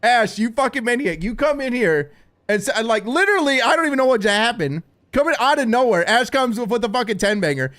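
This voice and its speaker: A man live-streaming while gaming, excitable and swearing a lot, stammering through restarts and calling everyone dude and bro. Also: very high voice. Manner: stammering restarts when overwhelmed.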